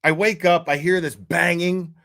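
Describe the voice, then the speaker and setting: A man's voice: a little high, fairly even intonation, normal speed, a bit bright. Profane rambling storyteller man in his fifties. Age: 50s. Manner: profane, rambling, keeps checking in with "right?". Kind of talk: casual storytelling.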